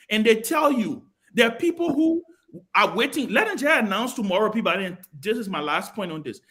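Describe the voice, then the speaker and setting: High-voiced impassioned Liberian man. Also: lively intonation, fairly quick, a bit bright. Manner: passionate, repeats words while holding the floor. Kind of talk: heated panel debate. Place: television studio.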